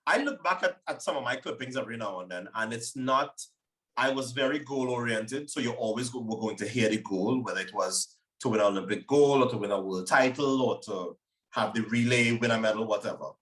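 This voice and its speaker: A man in his forties with a Trinidadian accent touched by American speech, telling stories in a confident, animated way as an interview guest. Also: mid-range voice, brisk, far from the mic, poor audio. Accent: Trinidadian with American influence. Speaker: guest, former Olympic sprinter. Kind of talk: casual interview talk.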